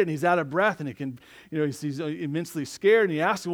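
A man preaching a sermon in a slightly higher voice than most men. He talks conversationally, often tossing quick check-in questions at his listeners as he goes. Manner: conversational, frequent tag questions. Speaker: pastor.

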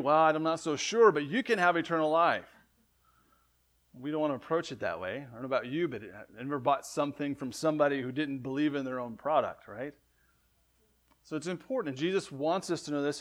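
Conversational man preaching a sermon. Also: on the high side. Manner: conversational, frequent "right?" asides and self-corrections; lively swings between loud emphatic and soft lines. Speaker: pastor.

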